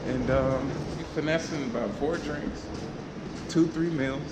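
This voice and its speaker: A young man vlogs casually, joking, swearing, and laughing often as he chats. His voice is fairly high and unhurried, buried under heavy background noise from loud music.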